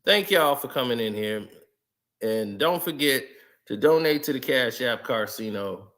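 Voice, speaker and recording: A man rants on a live stream, sarcastic and heated, his voice bright and edged. He drops into a low, simmering calm, then jumps into mocking high-pitched outbursts, in a middling pitch for a man. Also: measured pace. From Chicago, USA. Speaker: sports commentary streamer. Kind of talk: angry live-stream rant.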